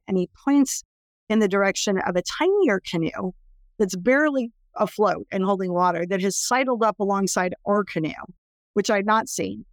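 A woman's voice: medium pitch, dry recording. A middle-aged woman from California, a guest in an interview, telling a personal story in an emphatic, intense way. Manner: emphatic, intense, building to impassioned pleas. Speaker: interview guest, anti-trafficking worker.

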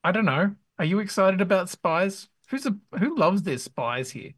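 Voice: medium pitch, expressive, normal speed, slightly rough, no echo, clean studio sound. A podcast host chatting casually with a playful, joking manner. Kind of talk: casual chat.

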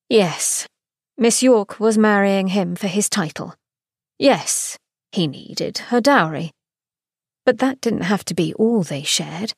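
A woman giving a scripted, expressive narration of a romance novel excerpt. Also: lowish voice, gravelly, slightly rough, no room sound, clean studio sound. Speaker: podcast host reading a novel excerpt.

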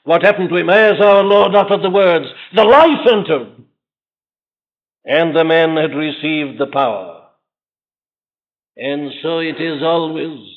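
A preacher delivers an impassioned sermon, his high voice swinging between fervent peaks and quiet intensity. The sound is dull and lo-fi, an old archival recording made in a large church. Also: a little slow, pauses often. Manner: impassioned, rising and falling emphasis.

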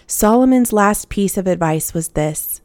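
Gentle woman teaching a Bible lesson. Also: medium pitch, lively intonation, unhurried, dry recording, studio quality. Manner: gentle, earnest, encouraging, leads call-and-response. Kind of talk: Bible lesson for children with prayer.

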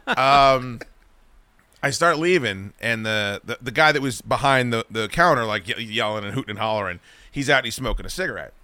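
A man with a bright, forceful voice tells long, swearing-laced stories as a podcast host. He acts out the people in each anecdote, and his voice sits at an ordinary male pitch. The sound is close and dry, with no room around it. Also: moderate pace, no room sound. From Virginia. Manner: profane, rambling anecdotes with acted-out quotes. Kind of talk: casual comedic storytelling. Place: podcast studio.

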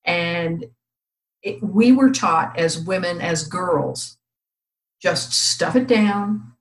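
A woman's voice: fairly low pitch, echoey room, low-quality recording. A woman in her sixties from California, co-hosting a podcast, who laughs easily and reflects as she talks. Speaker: co-host. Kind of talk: casual chat.

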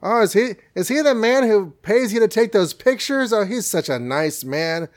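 A man's voice: high-pitched, animated, normal speed, voice pushed up. A man voicing a doting, fussy elderly aunt from a cartoon recap. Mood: fretful.

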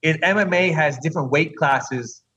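A man's voice: a little high, moderate pace, bright, forceful tone, breathy edge, muffled recording. A man, a recently eliminated reality competition contestant, tells his side of the story emphatically in an interview, often asking "right?".

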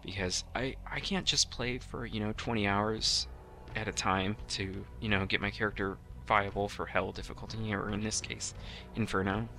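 A man's voice: fairly low pitch, steady tone, normal speed, sharp tone, soft background music. A middle-aged man co-hosting a casual podcast, rambling with lots of restarts and fillers. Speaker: podcast co-host.

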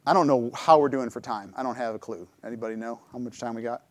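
A man's voice: medium pitch, fast talker, no echo. A middle-aged man giving a church talk, telling personal stories and acting out what he and others said. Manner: lively storytelling, acts out his own quotes. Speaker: church speaker.

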